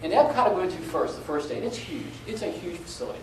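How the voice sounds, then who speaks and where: A middle-aged man speaking at a conference, telling an anecdote with animated delivery and laughing at his own story. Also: high voice, fast. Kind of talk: live anecdotal talk. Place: conference hall. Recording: echoey live hall, taped from a distance with noise.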